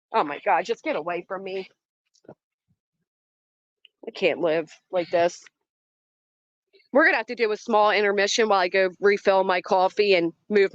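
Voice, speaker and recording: A woman's voice: medium pitch, no echo, lo-fi sound. A woman hosting a casual livestream outdoors, dramatic and talking straight to her chat. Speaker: livestream host. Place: outdoors in a yard by trees.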